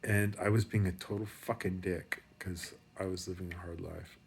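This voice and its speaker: A man's voice: low voice, fairly even intonation, normal speed, vocal fry, slight background noise. A man giving a rambling, profane pep talk in a casual monologue. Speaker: motivational speaker.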